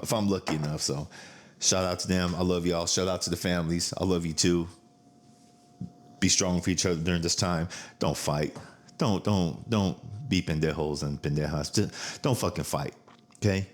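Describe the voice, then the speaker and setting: A man hosting a podcast in casual chat, blunt and profane, laughing as he tells family stories. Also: deep voice. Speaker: podcast host.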